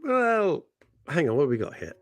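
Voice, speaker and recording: A man's voice: fairly high pitch, very animated, moderate pace, no room sound. Playful man hosting radio. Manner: playful, teasing, laughs often, reads out messages in put-on voices. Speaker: radio host. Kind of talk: casual radio chat. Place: radio studio.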